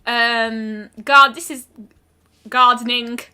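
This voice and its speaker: A woman's voice: a little high, steady tone, slow pace, pushed and bright, clear, resonant tone. A woman streaming a game, musing aloud in casual commentary with lots of ums and trailing thoughts.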